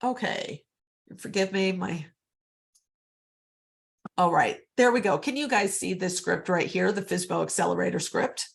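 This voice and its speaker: Woman coaching agents over a video call, chatty and upbeat, bit of vocal fry, keeps saying guys. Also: fairly low pitch, measured pace, pauses often. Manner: chatty, upbeat, often addresses the audience as guys. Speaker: real estate sales coach. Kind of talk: live online coaching session.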